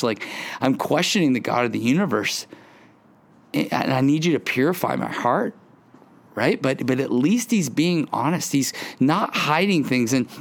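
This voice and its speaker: A middle-aged man hosting a devotional podcast, talking in an earnest, conversational way and often checking in with "right?". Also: mid-range voice. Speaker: podcast host and pastor. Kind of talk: casual devotional podcast talk.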